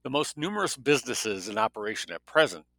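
A man's voice: medium pitch, very animated, fast talker, bright, forceful tone, no room sound, rough recording. A man reading a novel aloud who breaks off now and then for wry spoken comments. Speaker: story reader.

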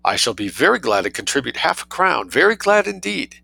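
A man's voice: a little high, sing-song, a little fast, creaky, sharp tone, pitched above the performer's own voice, full character voice, rough recording. A man reading aloud, voicing a prim, calculating young girl who haggles with cold dignity. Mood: chatty scheming. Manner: cold dignity, coolly mercenary.

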